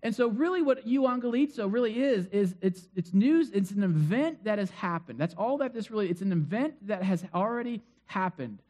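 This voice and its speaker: A man's voice: high voice, lively intonation, normal speed, few pauses, darkish tone. A middle-aged man preaching a sermon as pastor, in a conversational way with frequent fillers and joking asides. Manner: conversational, self-deprecating asides, many fillers.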